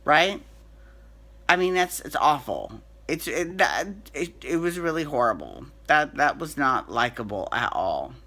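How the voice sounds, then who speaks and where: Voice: medium pitch, big pitch swings, measured pace, bright, forceful tone. A soap opera recap host giving a chatty, opinionated rundown, with frequent restarts and fillers. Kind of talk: casual chat.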